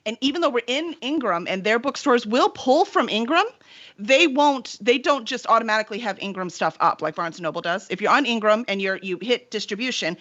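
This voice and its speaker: A woman's voice: medium pitch, fairly bright tone, highs cut off. A woman hosting a casual live-streamed chat, talking at length in loose run-on thoughts with plenty of fillers. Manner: chatty, talks in long run-on thoughts with many fillers. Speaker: publisher and show host.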